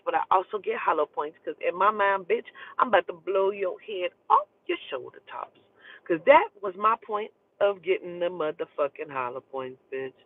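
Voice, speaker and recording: A woman's voice: on the low side, no room sound. A woman telling a personal story in casual, profane speech, acting out the people in it as she goes. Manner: profane, animated, acts out the people in her story. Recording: tinny phone-like sound, dry.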